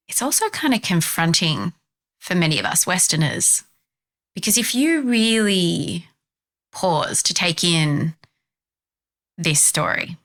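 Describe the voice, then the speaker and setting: A woman's voice: on the low side, a bit bright. An Australian woman giving a thoughtful, earnest talk and telling stories. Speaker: speaker, mindfulness teacher. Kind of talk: reflective talk with storytelling.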